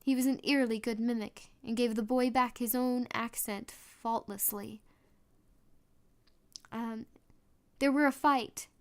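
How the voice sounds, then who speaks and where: A woman narrates a novel aloud in a smooth, clear voice that sits a little high. She reads steadily and stumbles now and then, restarting a word and going on. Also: steady tone, a little slow, pauses often. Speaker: audiobook reader. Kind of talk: storybook narration.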